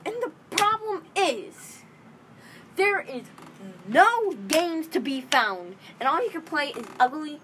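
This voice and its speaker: A teenage girl talks in a bossy, rambling way, stopping to correct herself as she goes. Her voice sits fairly high and swings around a lot. There is clear background noise behind her. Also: sing-song, slow pace. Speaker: young vlogger pitching a game club. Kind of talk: rambling casual monologue.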